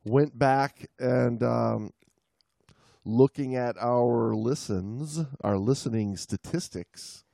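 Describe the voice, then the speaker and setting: A man's voice: medium pitch, slow, gravelly, warm tone, no room sound, clean studio sound. A man co-hosting a casual podcast, rambling with many fillers and restarts. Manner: rambling, lots of you-knows, mock accents for laughs. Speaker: podcast co-host. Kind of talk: casual chat.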